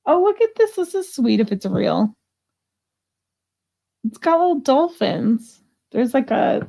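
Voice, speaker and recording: Hosting a live jewelry sale, a woman with a gravelly, warm mid-range voice and a breathy edge talks casually, musing aloud over prices and letting out the occasional grumble.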